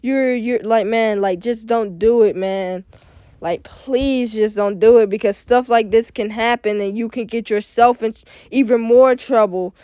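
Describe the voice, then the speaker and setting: A man's voice: high-pitched, steady tone, a little slow, dark tone, clean tone, no echo. A young man reacting to a sad news story in casual, slang-heavy talk, his voice cracking with sadness. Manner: slangy, emotional, repeats "bro" and "like". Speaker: reaction video host.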